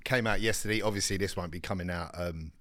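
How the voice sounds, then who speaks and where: Laid-back man, lowish voice. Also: fairly even intonation, quick pace, a bit bright, no room sound, clean studio sound. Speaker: podcast co-host. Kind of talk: casual banter.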